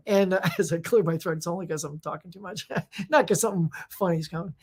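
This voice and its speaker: A woman hosting a casual live-stream show, reading out viewer comments and answering them in an excitable, rambling, slangy way. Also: fairly low pitch, fairly quick, slightly rough. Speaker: host of a live movie chat show.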